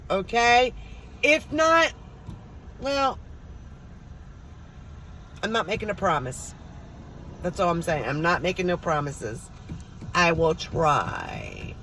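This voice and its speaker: Her pitch is medium and her tone fairly bright, with a bit of hiss or hum in the audio. A middle-aged woman who vlogs, she chats with her audience informally, telling stories and acting out other people's voices.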